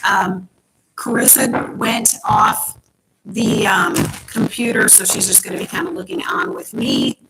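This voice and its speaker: A woman's voice: medium pitch, steady tone, a little slow, heavy background noise. A woman chemistry teacher giving an online class from home, explaining step by step with frequent ums. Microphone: home computer mic on a live stream.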